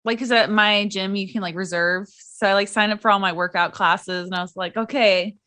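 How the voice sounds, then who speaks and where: A woman's voice: mid-range voice, steady tone, brisk, sharp tone. A young woman co-hosting a podcast in casual chat, easygoing and self-deprecating. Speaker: podcast co-host.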